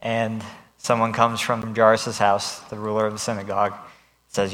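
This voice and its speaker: A young man reading scripture and then preaching in a relaxed, conversational way, retelling the story in everyday speech. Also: on the low side, normal speed. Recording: long reverb of a hall.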